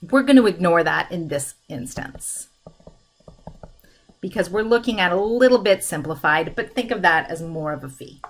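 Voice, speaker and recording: A woman's voice: on the low side, expressive, normal speed, slight background noise. Woman explaining math step by step. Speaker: math instructor. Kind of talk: screen-recorded lesson, working through problems.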